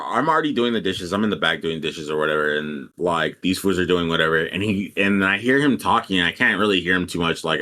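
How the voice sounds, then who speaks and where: A man's voice: low-pitched, pushed and bright. Profane young man telling a story. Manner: rambling, profane, quotes people animatedly. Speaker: podcast co-host. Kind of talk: casual storytelling.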